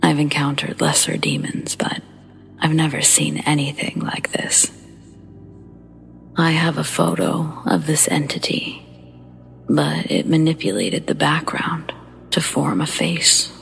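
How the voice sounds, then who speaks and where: Female horror host, whispered narration, breathy and gravelly, slow and measured, faint music bed. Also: low voice. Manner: hushed, slow and measured storytelling.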